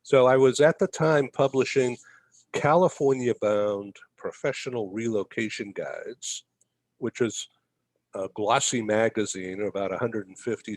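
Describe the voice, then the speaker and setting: A man's voice: fairly low pitch, a little mellow, no room sound. A man from the Boston area, a guest telling a rambling story in a casual interview and tagging his lines with "okay?". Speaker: guest, magazine publisher.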